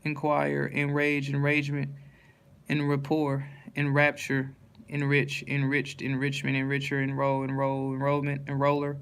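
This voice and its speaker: A man reads dictionary headwords aloud in an almost completely flat, unvarying tone. His voice is smooth and clear with a gravelly edge of fry. He stumbles on tricky words and restarts them without breaking rhythm. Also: mid-range voice, normal speed. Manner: monotone word-by-word reading with stumbles and restarts. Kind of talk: reading dictionary entries aloud in a steady list.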